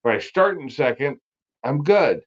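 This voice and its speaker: A man's voice: medium pitch, very animated, normal speed, muffled recording. A man talking casually on a livestream, blunt and swearing often. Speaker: guest on a car livestream. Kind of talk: casual chat.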